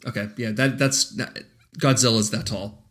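A man's voice: fairly low pitch, fairly even intonation, normal speed, a bit bright. A man co-hosting a podcast, recapping a movie in crude, jokey casual chat and laughing often. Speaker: podcast co-host.

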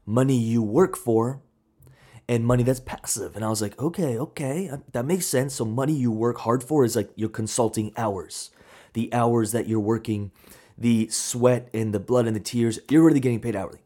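Male coach-host, 30s, relaxed warm voice, candid storytelling with slang. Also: mid-range voice, normal speed. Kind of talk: solo motivational monologue.

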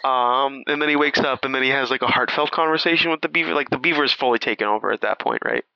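A man co-hosting a podcast, recapping a movie in crude, laughing, animated casual chat. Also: mid-range voice, fast talker, gravelly, smooth, no echo, muffled recording. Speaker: podcast co-host.

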